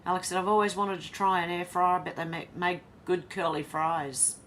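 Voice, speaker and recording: A woman's voice: fairly low pitch, steady tone, normal speed, fairly bright tone, slight background noise. An Australian woman hosting a casual livestream, reading viewer comments aloud and chatting back between them. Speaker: livestream host.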